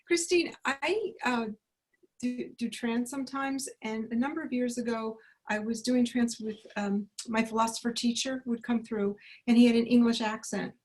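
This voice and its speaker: A woman's voice: fairly high pitch, steady tone, moderate pace, a little mellow, poor audio. A woman asking her teacher a question in an online group, speaking hesitantly with many fillers. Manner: hesitant, self-conscious. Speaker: student medium.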